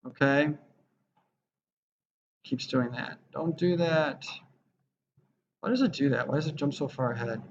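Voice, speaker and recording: A man's voice: medium pitch, unhurried, long pauses, a little hiss or hum. A man teaching a web design class in a rambling, conversational way, often acting out quoted lines. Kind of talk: classroom lecture. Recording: roomy, slightly dull classroom recording.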